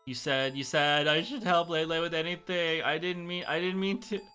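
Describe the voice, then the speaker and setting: A man's voice: fairly high pitch, steady tone, moderate pace, sharp tone, clean tone, soft background music. A man voicing a nervous young boy who has been caught lying and pleads with his mother.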